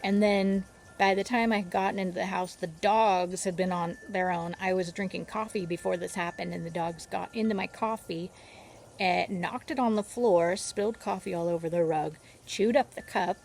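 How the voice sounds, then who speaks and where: A chatty woman tells a meandering story in a relaxed vlog, drifting off topic as she goes. Her voice sits at a middling pitch with a gravelly, fry-tinged edge. There is a faint hiss of noise under the recording. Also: normal speed. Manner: rambling, easily distracted, chatty. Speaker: vlogger. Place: outdoors near birds.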